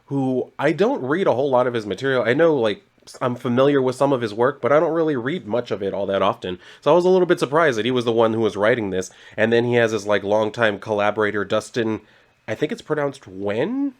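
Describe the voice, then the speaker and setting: A man's voice: mid-range voice, animated, quick pace. A man casually recapping a comic book, loose and rambling, full of filler words and casual swearing.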